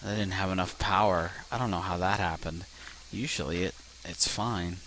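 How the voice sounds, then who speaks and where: A man's voice: deep voice, fairly even intonation, moderate pace, fairly bright tone, a little hiss or hum. A man commenting casually on his own gameplay as a let's play host, swearing often when things go wrong. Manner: swears a lot, frustrated outbursts.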